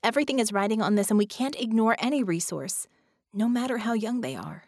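A woman reading the part of a resolute female leader in an audiobook, speaking flat and stern. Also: on the high side, brisk, no room sound, studio quality.

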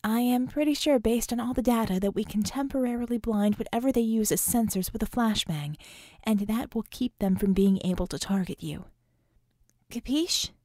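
A woman reading an audiobook, voicing a quick-witted young woman tech hero who jokes nervously and plans fast. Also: a little high, a little mellow, no echo, studio quality, close to an everyday voice. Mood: quick joking.

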